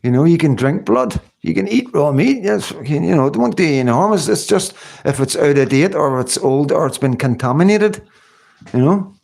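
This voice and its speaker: A man's voice: on the high side, lively intonation, normal speed, gravelly, darkish tone. A man hosting a casual livestream, rambling through viewers' comments with lots of fillers and tag questions. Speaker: livestream host.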